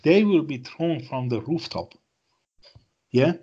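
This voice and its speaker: A man with an Iranian accent chats casually as a guest, his English a little broken and peppered with questioning "yeah?" tags. His voice is husky, and the remote audio comes through dull and muffled. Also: on the high side, animated, takes it slowly, warm tone. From Iran. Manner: broken English with tag questions, acts out dialogue. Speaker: regular guest. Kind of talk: casual chat.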